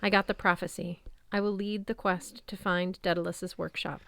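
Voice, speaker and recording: A woman's voice: on the low side, level tone, normal speed, gravelly, fairly bright tone, no room sound. Woman doing a hesitant, solemn teenage girl. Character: serious, frightened teenage girl.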